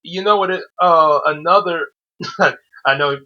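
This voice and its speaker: A man's voice: on the high side, a little slow. A man hosting a casual chat, stammering and restarting with bursts of laughter. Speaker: host. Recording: muffled lo-fi audio.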